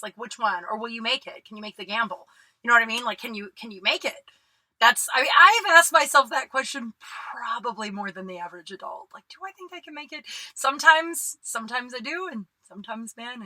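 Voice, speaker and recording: A woman's voice: mid-range voice, pushed and bright, dry recording, low-quality recording. A young woman hosting a solo podcast, telling a rambling, profane, self-mocking story with many fillers, recorded in a small closet. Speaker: podcast host.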